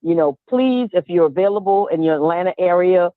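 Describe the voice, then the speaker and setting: A woman's voice: lowish voice, animated, a little fast, no echo, narrow, tinny audio. A woman on a radio panel playfully apologizing and announcing an upcoming event. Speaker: radio panelist and play director. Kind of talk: casual radio chat and announcement.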